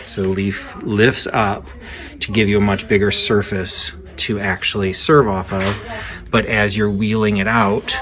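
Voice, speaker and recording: A man giving conversational walk-through commentary while browsing an antique shop, explaining items with frequent fillers. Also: on the low side. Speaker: antique reseller vlogger. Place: antique shop in a Victorian house.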